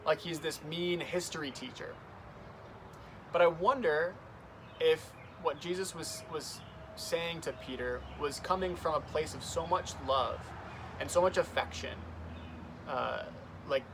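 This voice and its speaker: A man's voice: on the high side, measured pace, background noise. A young man speaking as a youth pastor, telling a story in an earnest, conversational way. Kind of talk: youth devotional talk.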